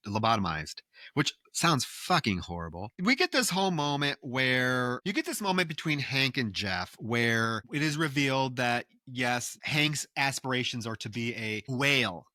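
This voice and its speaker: A man co-hosting a podcast, casually recapping a horror film with animated acted quotes. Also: medium pitch, moderate pace, dry recording, clean studio sound. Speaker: podcast co-host.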